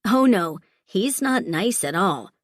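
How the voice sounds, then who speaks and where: A woman's voice: medium pitch, lively intonation, slow pace, no room sound, studio quality. A woman voicing a young heroine in an audiobook, light, teasing and questioning. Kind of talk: audiobook character voice.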